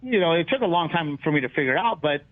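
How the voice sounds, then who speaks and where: A man, a comedian guest in a casual interview, telling lively stories and acting out what people said. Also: a little high, fast. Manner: animated storyteller, acts out quotes. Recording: tinny phone-like line.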